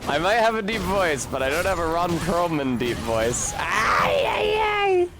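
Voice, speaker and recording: A man's voice: a little high, big pitch swings, moderate pace, over loud music. A man streaming a video game, chatting casually in a rambling, profane and wry way. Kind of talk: casual gameplay commentary.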